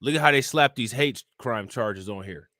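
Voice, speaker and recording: A man in the middle pitch range hosts a casual live-stream show on a close, dry mic. He reads reports and viewer comments aloud, then turns to the audience with loose, conversational questions and asides. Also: normal speed, sharp tone, no echo. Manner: loose and conversational, keeps asking "you know what I'm saying?".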